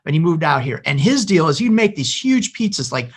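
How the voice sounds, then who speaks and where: A man's voice: on the high side, very animated, a little fast, husky. A man from the Chicago suburbs, co-hosting a podcast and telling a story in a rambling way, often restarting his sentences. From Chicago suburbs, USA. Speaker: podcast co-host. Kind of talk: casual podcast conversation.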